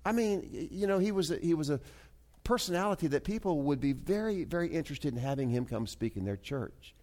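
A pastor with a fairly high, lively voice earnestly tells a story in a sermon. He halts and restarts often, swinging between soft asides and emphatic climbs.

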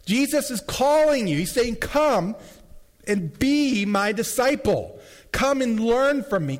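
A man preaching a sermon as pastor, losing his voice, speaking emphatically and repeating key phrases. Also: high-pitched. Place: church sanctuary. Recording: long hall reverb.

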